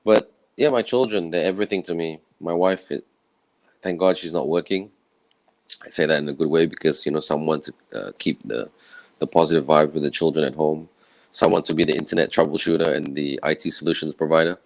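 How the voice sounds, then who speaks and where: Croaky man, very low voice, tired, earnest talk with restarts. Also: fairly quick, no room sound, poor audio. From Malaysia. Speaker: event speaker. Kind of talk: casual personal talk. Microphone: own camera and microphone setup.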